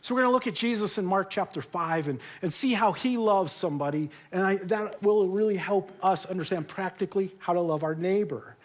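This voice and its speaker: High-voiced joking pastor. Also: male voice, a little fast, hardly any pauses. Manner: storytelling, jokey, turns emotional. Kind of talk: sermon. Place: church auditorium.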